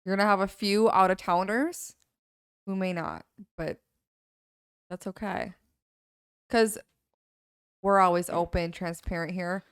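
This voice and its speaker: A woman's voice: medium pitch, steady tone, unhurried, pauses often, a bit bright, clear, resonant tone, dry recording, studio quality. A young woman co-hosting a podcast in casual chat, with a blunt, teasing manner. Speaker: podcast co-host.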